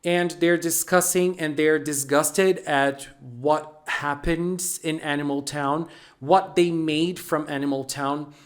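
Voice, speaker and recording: A chatty anime reviewer talks through an episode in a casual recap. The voice sits at a middle pitch. The delivery is playful, with sassy little asides. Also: fairly even intonation, slow.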